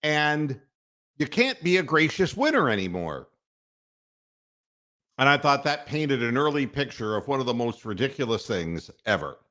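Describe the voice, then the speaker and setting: A man's voice: medium pitch, sing-song, normal speed, a bit bright. A man hosting a podcast, ranting sarcastically and swearing freely. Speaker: podcast host. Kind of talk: profane rant.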